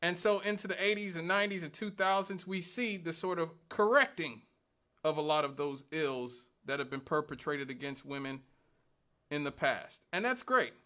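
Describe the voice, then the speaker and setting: A man's voice: a little high, animated, normal speed, pushed and bright. A male radio talk show host giving an emphatic, argumentative monologue, repeating points for stress. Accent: Northwest Indiana.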